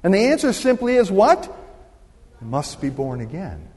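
A man's voice: sits high, huge pitch swings, normal speed, a little mellow, breathy edge. A man in his sixties preaching a sermon, telling a story and drawing the congregation into call-and-response. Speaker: pastor. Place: church sanctuary. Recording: long hall reverb.

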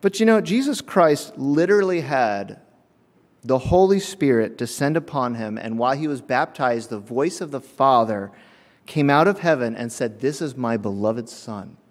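Heard with long hall reverb, a mid-range male voice delivers a sermon at a moderate pace. He tells a personal story with lots of animation, performing different voices and frequently laughing.

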